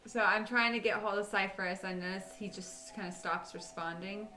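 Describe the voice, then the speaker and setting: A woman's voice: medium pitch, steady tone, moderate pace, music in the background. A woman playing a tabletop game with theatrical in-character asides. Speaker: player. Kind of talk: casual tabletop role-play.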